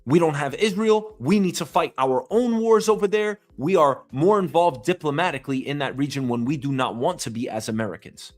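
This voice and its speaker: A man's voice: on the high side, brisk, hardly any pauses, faint music behind. A man hosting his own show from home, delivering an angry, profane, emphatic rant. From New York City. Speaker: host. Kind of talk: ranting commentary.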